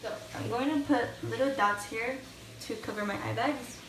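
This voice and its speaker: A woman's voice: fairly high pitch, fairly even intonation, moderate pace, background noise. A young woman with a morning voice, chatting casually and a bit hesitantly through her makeup routine at home. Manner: chatty, hesitant, thinking aloud. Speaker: beauty vlogger. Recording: echoey room, mic at a distance. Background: shower running in another room.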